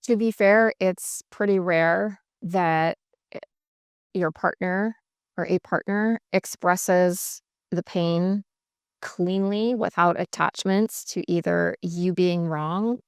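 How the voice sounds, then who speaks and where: A woman with a fairly low voice and a gravelly, creaky edge speaks as a couples coach. She lays out her points in a measured, emphatic way, close to the mic in a dry, dead-sounding space. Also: steady tone, no echo. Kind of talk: explanatory podcast interview.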